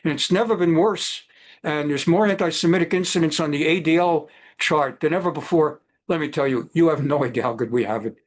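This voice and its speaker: A man teaching a Torah class over a video call, digressive and lively, sprinkling in Hebrew terms. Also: fairly high pitch, a little fast. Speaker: rabbi teaching a Bible class.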